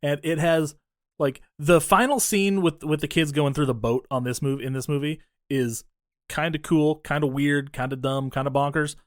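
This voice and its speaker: A man co-hosting a casual movie-review podcast, talking in an animated, profane way and acting out scenes in funny voices. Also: on the high side, moderate pace, dry recording, clean studio sound. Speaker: podcast co-host.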